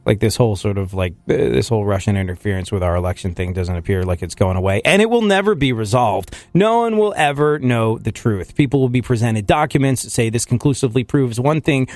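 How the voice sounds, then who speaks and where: Male host, mid-pitched, rambling comedic riffs, dry studio sound. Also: fairly quick, hardly any pauses, dry recording. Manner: rambling, animated, riffing with restarts. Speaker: podcast host. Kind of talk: casual comedic talk-show chat.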